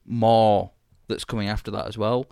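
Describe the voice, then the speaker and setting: A man with a somewhat low voice talks through a TV series in casual podcast chat. He rambles enthusiastically and swears freely. The sound is dry and close, with no room in it. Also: flat delivery, normal speed, creaky, mellow, clean tone, no room sound. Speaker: podcast co-host.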